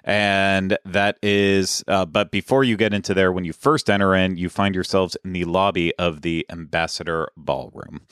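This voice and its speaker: A man co-hosting a podcast in casual chat, relaying news details in a relaxed way. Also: low-pitched, moderate pace, few pauses, clean tone, no room sound, studio quality. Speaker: podcast co-host.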